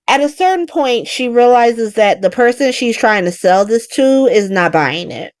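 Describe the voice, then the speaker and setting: A woman's voice: a little high, lively intonation, moderate pace, few pauses, no echo, clean studio sound. A woman casually recapping a soap opera as host, blunt and profane, acting out the characters' lines.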